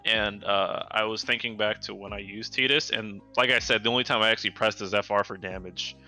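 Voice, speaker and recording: Sharp, bright-voiced opinionated man. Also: fairly low pitch, steady tone, brisk, soft background music. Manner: opinionated, self-correcting, blunt. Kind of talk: casual gaming stream chat.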